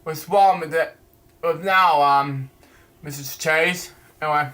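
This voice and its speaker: Halting male comic reviewer reading panels aloud, fairly high pitch, slow delivery with restarts. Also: steady tone, bright, forceful tone. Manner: halting, stumbling over words and restarting.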